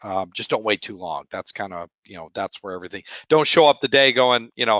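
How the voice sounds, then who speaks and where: A man speaking as a webinar guest in a quick, offhand, reassuring way. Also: on the low side, lively intonation, fairly bright tone, no room sound. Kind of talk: casual conversation. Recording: dull, dry call audio.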